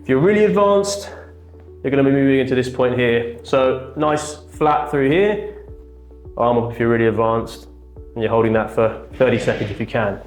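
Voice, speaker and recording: A man's voice: medium pitch, moderate pace. A man, a chiropractor, explaining and demonstrating back exercises in a treatment room. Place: treatment room with a firm bed. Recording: echoey room, faint music.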